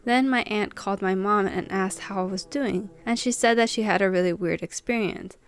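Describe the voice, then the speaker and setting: A woman's voice: medium pitch, moderate pace. A woman hosting a channel, reading viewers' submitted stories aloud and chatting casually about them.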